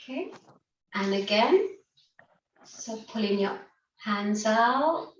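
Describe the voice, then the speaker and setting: A woman's voice: mid-range voice, lively intonation, slow, long pauses, highs cut off, slight background noise. A woman guiding an online laughter yoga session, upbeat and encouraging, often breaking into laughter. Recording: roomy, distant from the mic.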